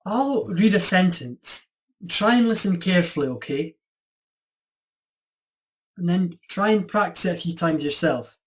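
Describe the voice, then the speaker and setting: A performer playing a quirky Scottish speech coach. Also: male voice, high voice, lively intonation, unhurried, long pauses. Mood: patient. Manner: patient, teasing teacher. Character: quirky Scotsman accent teacher. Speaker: accent coach. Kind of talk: online student drama. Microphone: video call.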